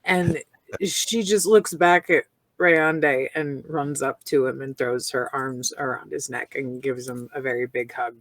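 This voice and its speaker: A woman's voice: extremely low pitch, steady tone, measured pace, fairly bright tone, dry recording. A woman player at a tabletop game, casually describing her character's actions. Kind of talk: tabletop role-play.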